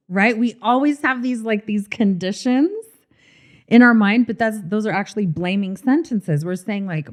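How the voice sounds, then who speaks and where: A woman co-hosting a marriage coaching podcast, telling stories in an expressive, animated way. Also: mid-range voice, moderate pace. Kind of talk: casual podcast conversation.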